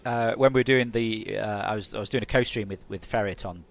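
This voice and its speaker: Chatty English game developer on stream. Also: male voice, fairly low pitch, fairly even intonation, fairly quick, vocal fry. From Hertfordshire, England. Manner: chatty, rambling, self-mocking. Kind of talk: casual live-stream chat.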